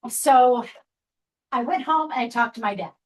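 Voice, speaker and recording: Woman, 50s, from Seattle, guest speaker, candid storyteller, slightly higher voice. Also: normal speed, low-quality recording. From Seattle, USA. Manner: candid, chatty storyteller with frequent asides. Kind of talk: personal storytelling talk to a group.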